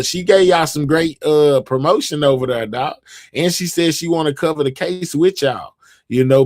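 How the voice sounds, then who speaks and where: A man of middle pitch hosts a live stream, talking loosely and reading viewer comments aloud. He rambles, restarts his sentences and leans on fillers. The sound is close and dry, with no room echo. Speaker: livestream host.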